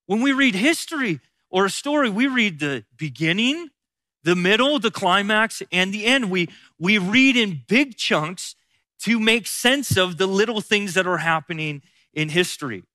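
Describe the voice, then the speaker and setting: A man's voice: high-pitched, lively intonation, unhurried, pushed and bright, dry recording, clean studio sound. A man giving a conversational Bible teaching as a pastor, repeating key phrases for emphasis.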